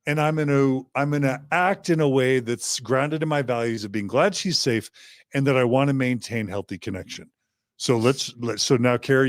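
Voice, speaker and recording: A man's voice: fairly high pitch, no echo, clean studio sound. Earnest male podcast host. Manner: earnest, explaining step by step. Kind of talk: coaching demonstration.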